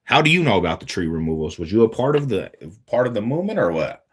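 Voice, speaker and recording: Laid-back deep-voiced streamer from Denver. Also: male voice, sing-song, fast talker, noisy background. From Denver, Colorado. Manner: laid-back slangy talk, reads viewer comments aloud then answers. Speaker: livestreamer answering chat. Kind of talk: casual livestream chat.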